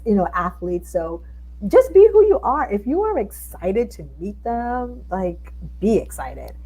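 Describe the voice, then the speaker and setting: Animated middle-aged New woman. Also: medium pitch, husky, low-quality recording. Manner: animated storyteller, acts out quotes. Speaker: guest. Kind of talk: casual interview chat.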